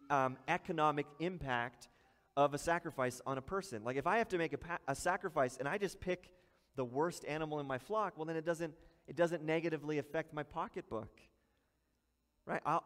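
A man's voice: on the high side, big-room sound. A male pastor preaching a sermon in a conversational way, acting out short asides.

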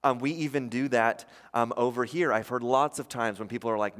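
A man's voice: mid-range voice, fairly quick, few pauses, fairly bright tone. Emphatic male pastor in a reverberant hall. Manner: emphatic, earnest preaching with rhetorical questions. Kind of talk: sermon.

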